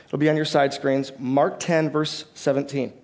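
A pastor preaching a conversational sermon in a church, explaining the text and putting questions to the congregation. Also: male voice, mid-range voice, little pitch movement, moderate pace, a little mellow.

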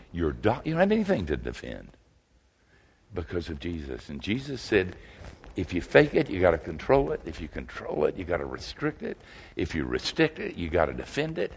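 An older man preaching a sermon in a folksy, wry way, swinging from loud outbursts to hushed asides. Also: extremely low pitch, gravelly, a little hiss or hum.

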